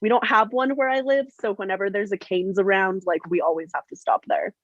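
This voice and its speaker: A woman's voice: mid-range voice, fairly even intonation, brisk, a bit bright, dry recording. Giggly young woman wrestler, muffled sound. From New Mexico, US. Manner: giggly, upbeat, laughs often. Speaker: professional wrestler, guest. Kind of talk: casual interview chat.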